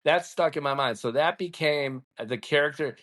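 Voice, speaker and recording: A man's voice: fairly high pitch, normal speed, fairly bright tone. Podcast host, man, blunt and profane, casual ranting storyteller.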